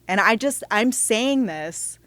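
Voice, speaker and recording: A woman, a podcast guest, candidly telling her life story in conversation with animated asides and restarts. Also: on the high side, takes it slowly, no room sound.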